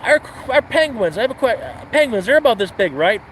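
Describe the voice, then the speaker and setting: A man's voice: extremely high pitch, sing-song, a little fast, a bit bright, slight background noise, voice pushed up, exaggerated voice, poor audio. A man voicing a very drunk man in a bar who rambles and stumbles over his questions. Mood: slurring, puzzled.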